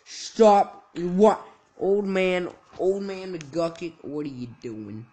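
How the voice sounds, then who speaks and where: A man's voice: high-pitched, slow, dark tone. A young man giving goofy, jokey let's-play commentary, talking back to the game's characters. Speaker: gaming YouTuber.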